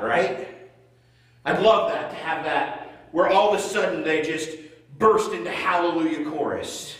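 Echoey middle-aged pastor telling a story. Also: male voice, fairly high pitch, unhurried. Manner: conversational storyteller, swings between loud and hushed. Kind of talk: sermon storytelling. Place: church sanctuary. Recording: echoey church room, voice from far off.

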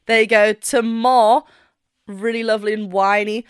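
A woman's voice: medium pitch, fairly even intonation, moderate pace, clean tone, dry recording, clean studio sound, soft background music. A woman vocal coach reacting to a singing performance and analysing the technique, eagerly breaking into short sung examples as she explains. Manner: enthusiastic, demonstrates notes by singing snippets.

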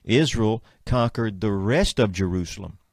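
Gravelly fiftysomething Southern radio preacher. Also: male voice, lowish voice, moderate pace, no echo, studio quality. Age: 50s. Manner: fervent, preachy, excitable. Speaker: radio show host. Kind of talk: Christian radio talk show. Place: radio studio.

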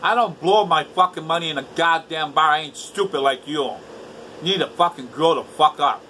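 A man's voice: fairly high pitch, normal speed, sharp tone, a little hiss or hum, poor audio. A man in later life ranting to camera at home, bitter and profane, repeating himself. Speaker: vlogger. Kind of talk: angry rant to camera. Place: indoors at home.

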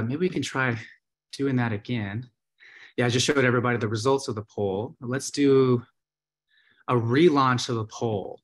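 A man hosting a live webinar, coaching hip exercises in an encouraging, easygoing way. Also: mid-range voice. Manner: encouraging, easygoing, repeats cues.

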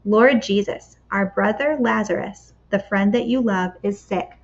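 Martha, a grieving but faithful woman from a children's storybook, as a woman reads her aloud. The voice is earnest and pleading and sits at a middle pitch. The recording is slightly dull and lo-fi. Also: measured pace, close to an everyday voice.

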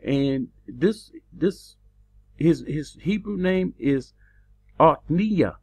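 A man's voice: lively intonation, very slow, darkish tone, husky. A man teaching a sermon from scripture, reading verses aloud and repeating phrases for emphasis. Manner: pitch rises sharply when emphatic. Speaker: preacher. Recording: dull lo-fi recording.

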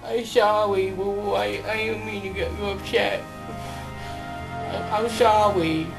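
Guy putting on a slow stammery kid-like sidekick dude, sweet and eager, comedy sketch. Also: high voice, fairly even intonation, gravelly, music in the background, exaggerated voice. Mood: apologetic. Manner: stammering, childlike. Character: simple-minded male sidekick, sweet and eager.

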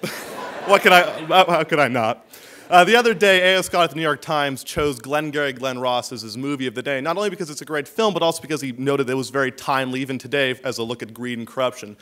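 A man's voice: medium pitch, quick pace, pushed and bright. A young man, a college student, asking a guest a formally worded question from the audience and laughing nervously. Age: young adult. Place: lecture forum with an audience.

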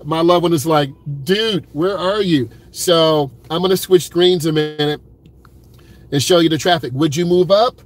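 A man's voice: a little high, fairly even intonation, moderate pace. A man chatting casually to viewers on a live stream from his car at an airport pickup lane, laid-back and direct. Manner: laid-back, talks straight to viewers, repeats "keeping it real". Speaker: driving vlogger.

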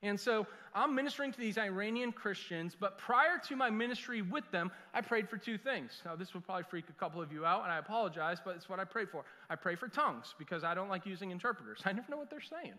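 A middle-aged man preaching a sermon as pastor, telling jokey stories and breaking into quick put-on voices for the people he quotes. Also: sits high, expressive, sharp tone. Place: church sanctuary. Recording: reverberant church sanctuary.

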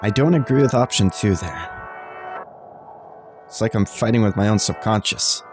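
A man with a very deep voice, musing low-key about a game as he plays it. Music plays clearly behind him. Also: moderate pace. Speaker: let's player. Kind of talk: casual gameplay commentary.

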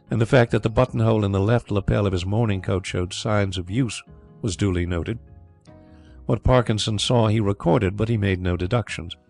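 Low-voiced man narrating an audiobook. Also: vocal fry, darkish tone.

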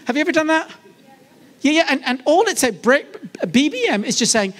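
A man's voice: very high voice, big pitch swings, fairly quick, fairly bright tone. Male preacher, joking asides, conversational sermon, church service. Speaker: guest preacher.

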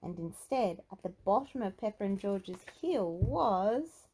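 A woman reading a children's picture book aloud in an expressive, sing-song storytelling manner. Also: mid-range voice, a little slow, breathy edge. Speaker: storybook reader.

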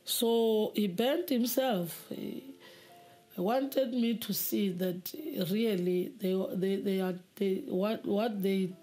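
A woman telling her personal testimony in a halting way, often repeating words as she goes. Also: mid-range voice, dark tone. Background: faint music.

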